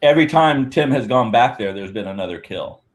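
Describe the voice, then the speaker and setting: A man talks as a podcast guest in a loose, rambling way. His voice sits at an everyday middle pitch. He tells his story with lively energy. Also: a little fast. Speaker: guest Bigfoot researcher. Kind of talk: casual podcast chat.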